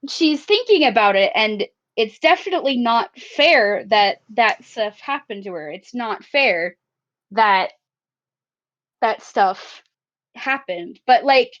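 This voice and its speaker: Slow-talking, thoughtful woman player. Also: on the high side, animated, fairly bright tone. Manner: thoughtful, filler-heavy. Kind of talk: describing a character in a tabletop game. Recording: lo-fi recording.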